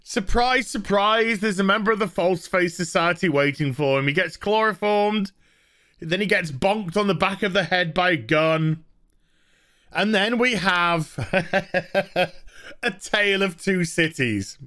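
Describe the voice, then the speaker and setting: A man's voice: sits high, measured pace, bright, forceful tone. A man with an English accent giving a mocking, exasperated review of a TV episode, laughing at its plot. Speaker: host.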